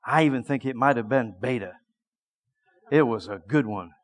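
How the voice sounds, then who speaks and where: A middle-aged male preacher telling a story in a sermon, dropping to a hush and then shouting. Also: mid-range voice, normal speed. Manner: lively storytelling that swings from hushed to shouting.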